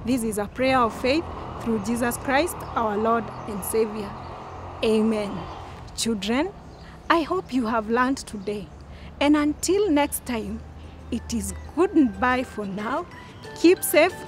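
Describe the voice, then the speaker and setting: A woman giving a children's sermon as a Sunday school teacher, slow and emphatic, repeating lines for the children to echo. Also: fairly high pitch, animated, a little hiss or hum.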